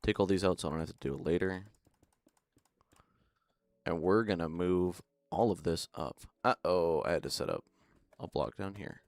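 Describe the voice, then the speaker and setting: Brief: twenty-year-old male streamer, gravelly, muttered build commentary, dry sound. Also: low-pitched, moderate pace, long pauses, no echo. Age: young adult. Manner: mumbled, running commentary while building. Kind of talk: casual game stream commentary.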